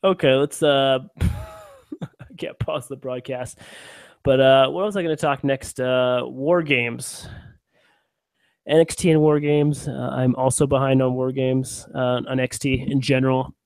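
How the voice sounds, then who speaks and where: A man's voice: mid-range voice, fairly even intonation, measured pace, a little mellow, smooth, dry recording. A man co-hosting a wrestling podcast, chatting casually, laughing easily and using many fillers. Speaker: podcast co-host. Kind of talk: casual chat.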